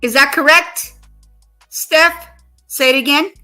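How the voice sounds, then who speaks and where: A woman streamer chats casually with an AI assistant, her voice pitched fairly high and bright. She talks at an unhurried pace and slowly spells out words one letter at a time. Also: faint music behind. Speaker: live streamer.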